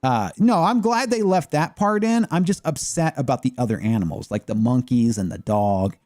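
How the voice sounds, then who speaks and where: A man's voice: medium pitch, animated, normal speed, a little mellow, no echo, studio quality. A man chatting casually as a gaming streamer, rambling and opinionated with lots of fillers. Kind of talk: casual chat.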